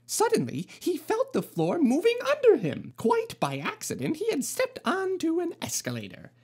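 A woman's voice: extremely high pitch, wildly swooping pitch, normal speed, darkish tone. A woman reading a children's storybook aloud in a playful, sarcastic way. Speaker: storybook reader. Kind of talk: storybook read-aloud with jokey asides.

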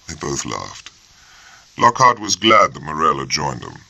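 A man narrating an audiobook in a measured, steady storytelling manner, close to the mic. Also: very deep voice, creaky, husky, dry recording. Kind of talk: scripted narration.

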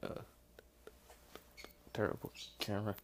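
A man's voice: unhurried, a little hiss or hum. A man casually narrating an unboxing in his home kitchen, talking to a phone camera, rambling and self-deprecating with lots of fillers and apologies. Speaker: unboxing vlogger. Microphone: phone camera with headphones plugged in.

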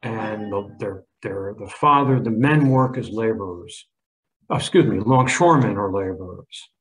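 A man's voice: fairly low pitch, lively intonation, unhurried, low-quality recording. A man in his seventies, a history professor, giving an emphatic lecture with slides and frequent restarts. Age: 70s.

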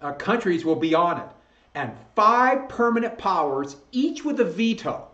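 A man's voice: sits high, big pitch swings, measured pace, sharp tone. A man teaching history from slides, talking casually and correcting his own slips as he goes. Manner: conversational, self-correcting, chuckles at own slips. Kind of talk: recorded slideshow lecture. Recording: echoey room, dull lo-fi sound.

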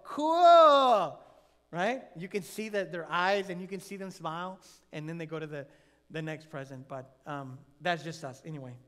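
A male pastor delivers an earnest sermon in a noticeably high voice. He drives his points home through repetition and rising emphasis, and his words ring out with a long echo. The recording sounds like a large hall. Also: fairly bright tone.

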